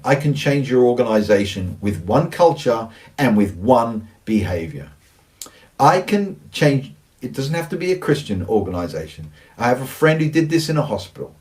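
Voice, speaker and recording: A man's voice: mid-range voice, a little mellow, distant mic. Earnest man teaching, slightly off-mic. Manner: earnest, emphatic, repeats key phrases. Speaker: church leadership speaker. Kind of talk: recorded teaching presentation.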